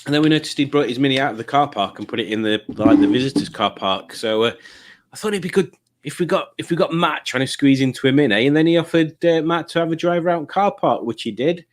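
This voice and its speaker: A man's voice: a little high, expressive, fast talker. A middle-aged man hosting a casual livestream, rambling as he reads out viewer comments. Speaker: livestream host.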